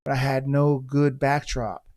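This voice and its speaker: A man's voice: medium pitch, level tone, a little slow, a little mellow. A middle-aged man from the United States, a former police officer hosting a podcast, telling a story in a blunt, intense, profane way. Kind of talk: storytelling monologue.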